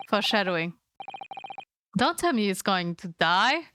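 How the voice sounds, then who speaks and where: A woman streaming a video game, giving quick, pleading casual reactions to the story. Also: medium pitch, sing-song, background noise. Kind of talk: casual let's-play commentary.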